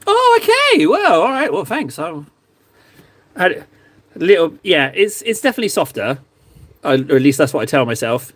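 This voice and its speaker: High-voiced, chatty English man. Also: animated, normal speed, pauses often, no echo. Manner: chatty, self-deprecating. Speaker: streamer chatting with viewers while painting miniatures. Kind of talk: casual chat.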